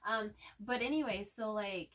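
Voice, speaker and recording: A woman's voice: medium pitch, moderate pace, recorded from a distance, poor audio. A woman co-hosting a casual chat, rambling anxiously through stories and laughing often. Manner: rambling, nervous storyteller with frequent laughs. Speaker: co-host.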